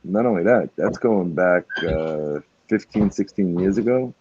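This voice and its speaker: Deep-voiced middle-aged guy, husky, talks blunt and swears a lot, dull dry sound. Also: expressive, measured pace, darkish tone, no echo. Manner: blunt, swears freely, many "you know"s. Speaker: guest. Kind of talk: emotional casual talk.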